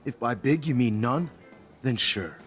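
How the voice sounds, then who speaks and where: A man's voice: medium pitch, animated, unhurried, fairly bright tone, faint music behind. A man voicing a gloomy, dry-witted fisherman in a video game, answering with sarcasm. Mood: sardonic.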